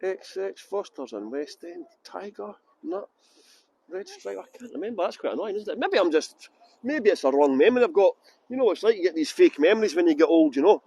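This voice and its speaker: A man's voice: high-pitched, sing-song, a little fast, creaky, dark tone, breathy edge. A middle-aged tour guide chatting casually on a livestream outdoors in a busy city, joking and rambling as he greets viewers by name into a handheld phone.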